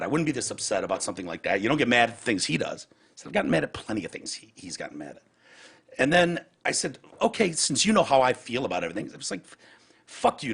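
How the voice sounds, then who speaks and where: A man's voice: medium pitch, creaky, a bit bright, slightly rough. A man hosting a podcast in casual chat, ranting heatedly and profanely and acting out other people's words. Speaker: podcast host.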